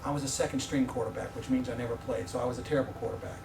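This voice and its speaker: A man's voice: medium pitch, steady tone, rapid-fire, creaky, background noise. A middle-aged man preaching as a visiting professor, telling personal stories and joking with the audience. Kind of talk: sermon with personal storytelling. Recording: echoey room, mic heard from a distance.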